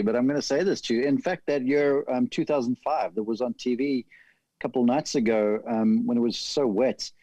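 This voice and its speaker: A man, a golf analyst, telling long animated stories in casual podcast chat. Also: medium pitch, dry recording, poor audio. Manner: animated, detailed storyteller.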